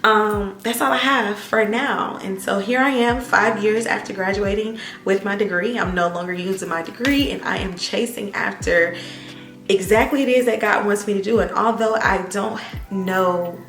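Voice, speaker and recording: A woman, talking earnestly and with emphatic repetition in a heartfelt storytime vlog, her voice a little hoarse and emotional. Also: mid-range voice, moderate pace, a bit bright, echoey room, soft background music. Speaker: vlogger.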